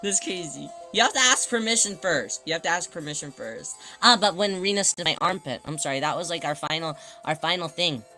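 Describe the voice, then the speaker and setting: Man, livestream host, casual chat, animated storyteller, very lively pitch. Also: brisk, few pauses, faint music behind. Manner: animated storytelling, laughs often.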